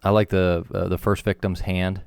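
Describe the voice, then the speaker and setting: A man's voice: sits low, flat delivery, moderate pace, gravelly, clean tone, dry recording. A man co-hosting a movie podcast, rambling wryly through scenes in casual chat. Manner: rambling, wry. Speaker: podcast co-host.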